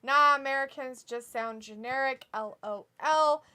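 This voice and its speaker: High, bright-voiced giggly woman streamer. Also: a little slow, smooth. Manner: giggly and animated, often laughing and reacting loudly. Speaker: co-host of a wrestling watch-along stream. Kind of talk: casual chat, reading chat comments aloud.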